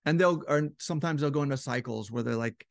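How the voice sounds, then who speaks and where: A man with a creaky mid-range voice talks fast about relationships in a casual, explanatory way, his voice a little strained. As a relationship educator, he often acts out quoted partners with a shifting voice. The recording is dry and clean, studio-grade.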